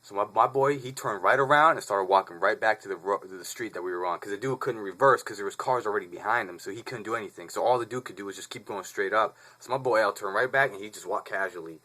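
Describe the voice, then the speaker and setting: Young guy in his 20s rambling thru a story, swears a lot, lowish bright voice. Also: fast talker, hardly any pauses. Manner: rambling, profane, slangy. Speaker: vlogger. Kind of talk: casual storytelling.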